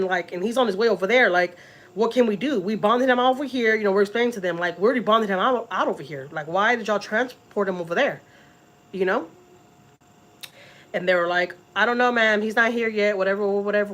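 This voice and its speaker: A middle-aged woman from Texas, telling a story in a casual, emotional way to her vlog viewers and repeating words as she goes. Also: mid-range voice. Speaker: family vlogger.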